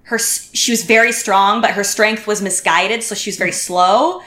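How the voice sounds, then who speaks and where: A woman's voice: mid-range voice, moderate pace. A woman guest on a podcast, telling a story in casual chat and acting out what people said. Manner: animated, acts out what people said. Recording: roomy echo.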